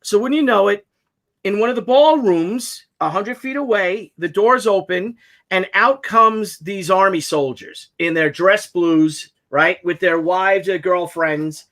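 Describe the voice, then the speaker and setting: Brief: high-pitched man, rambling animated storyteller, casual video-call chat, swears often. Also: measured pace. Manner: swears freely. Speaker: podcast co-host.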